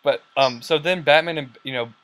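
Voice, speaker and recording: A young man hosting a casual podcast, rambling excitedly with lots of fillers and quoted lines. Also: on the high side, moderate pace, background noise. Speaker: podcast host. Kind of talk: casual chat.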